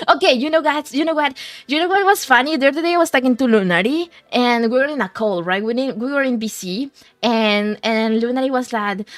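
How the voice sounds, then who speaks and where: A woman's voice: fairly high pitch, animated, moderate pace, no room sound, soft background music. A woman VTuber chatting casually with her stream chat in a rambling, giggly way, often restarting her words, at a desk mic.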